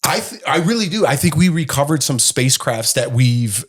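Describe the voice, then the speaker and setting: A man co-hosting a casual podcast chat, his voice sitting in a middle pitch. He muses and speculates, rambling from one thought to the next. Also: lively intonation, normal speed, husky. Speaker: podcast co-host.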